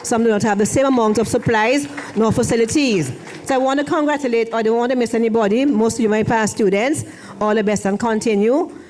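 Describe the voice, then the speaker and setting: A middle-aged woman who once worked as a foreign language officer gives a rambling ceremony speech in a church hall, repeating and restarting phrases often. Her voice is a little high and darkish, fairly quick, with a bit of hiss or hum on the recording.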